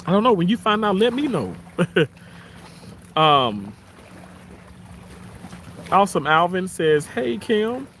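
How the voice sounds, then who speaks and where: A man with a Southern American accent chats warmly on a live stream, sitting outside by the water. His voice sits a touch high, and he thanks his viewers one by one in a grateful, easygoing way. Faint outdoor noise hums under his voice. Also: sing-song, takes it slowly, long pauses. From Southern United States. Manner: warm, grateful, chuckles often. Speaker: live-stream host reading chat. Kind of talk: casual live-stream chat.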